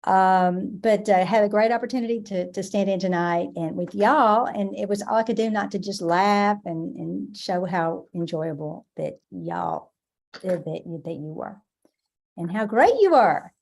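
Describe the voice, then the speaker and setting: A woman's voice: mid-range voice, a little slow, vocal fry, darkish tone. A woman introducing herself on a video call. She is modest and stammers, with small laughs and frequent restarts. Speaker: nonprofit finance director.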